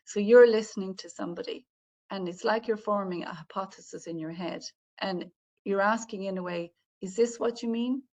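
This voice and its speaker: A woman presents an online training webinar on healthcare communication over a video call, explaining things in a friendly manner and speaking directly to participants. Her mid-range voice is fairly quick, with fairly even intonation and a darkish tone.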